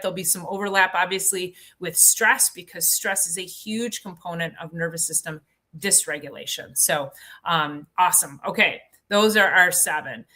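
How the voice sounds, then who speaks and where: Woman host, live health Q&A, bright forceful voice, chatty and enthusiastic. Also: fairly low pitch. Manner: chatty, enthusiastic, many fillers. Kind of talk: live Q&A and personal storytelling.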